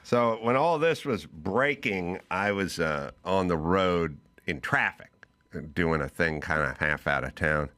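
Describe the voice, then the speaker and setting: A man hosting a podcast, telling a comic story and acting out both sides of a phone conversation, his voice rising to excited shouts. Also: deep voice, measured pace. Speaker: podcast host.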